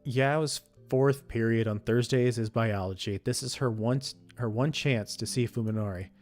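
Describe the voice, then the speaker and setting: A man reading a visual novel's story text aloud, steady with frequent slips and self-corrections. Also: mid-range voice, moderate pace, soft background music. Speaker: let's play streamer reading a visual novel.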